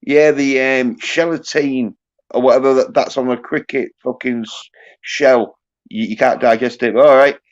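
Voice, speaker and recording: A man hosting a casual livestream chat, halting and joking with casual swearing. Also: medium pitch, steady tone. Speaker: host. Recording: muffled lo-fi audio.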